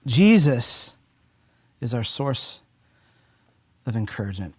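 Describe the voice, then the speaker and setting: A man's voice: a little high, a little fast. Earnest male pastor preaching. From United States. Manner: earnest storytelling, softening to a hush at key moments. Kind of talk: sermon.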